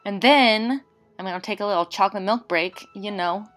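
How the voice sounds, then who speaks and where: Young woman, casual tutorial voiceover, breathless, quick, faint music behind. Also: medium pitch, a bit bright. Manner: rapid, chatty, slightly tongue-tied. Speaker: makeup tutorial creator. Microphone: home voiceover mic.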